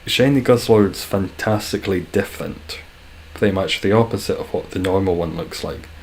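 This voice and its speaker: Deep-voiced Scottish man, dry and joking. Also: normal speed, slightly rough. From Scotland. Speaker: streamer. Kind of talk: casual stream chat.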